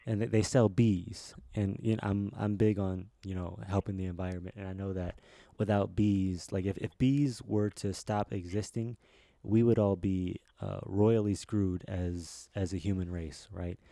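A man's voice: deep voice, steady tone, normal speed, vocal fry, few pauses, dark tone, no echo. A man hosting a casual comedy podcast, telling a long rambling joke with lots of restarts. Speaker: podcast host.

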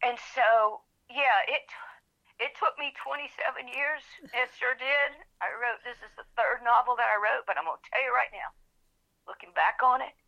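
Gravelly woman telling a story. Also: on the high side, moderate pace. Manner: animated storyteller, acts out quotes. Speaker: author guest. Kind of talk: storytelling interview. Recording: dull lo-fi phone-like audio.

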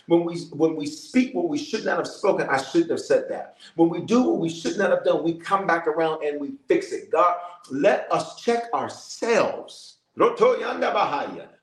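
A man's voice: fairly high pitch, expressive, normal speed, reverberant, poor audio. A man preaching as a bishop, praying and calling out to the congregation, repeating his lines. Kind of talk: sermon with prayer.

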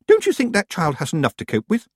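A man voicing a fussy, nosy middle-aged woman witch in a high, prim audiobook character voice. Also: wildly swooping pitch, fast, husky, no room sound, full character voice. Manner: high-pitched, prim, eager.

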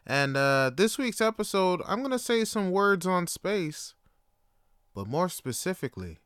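A man's voice: high-pitched, big pitch swings, unhurried, a bit bright, clean tone, no echo, studio quality. A young adult man hosting a solo podcast, musing aloud in a loose, slangy, rambling way. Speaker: podcast host. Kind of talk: casual solo monologue.

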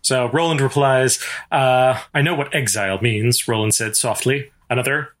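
A man co-hosting a casual book discussion, reading passages aloud and explaining them in a thoughtful, measured way. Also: mid-range voice, steady tone, a bit bright. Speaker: podcast co-host.

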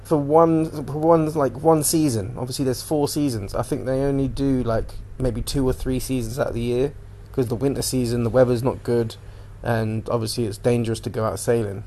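Casual male podcaster, rambling and sweary, average pitch. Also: moderate pace, few pauses. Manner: rambling, sweary, animated retelling. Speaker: podcast host. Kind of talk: casual solo chat.

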